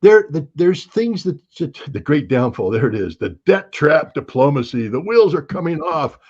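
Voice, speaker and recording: A man's voice: a little high, very animated, moderate pace, a little mellow, breathy edge. A man giving casual livestream commentary, blunt and sardonic, who often repeats words as he thinks. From United States. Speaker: guest commentator. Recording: dull lo-fi stream audio.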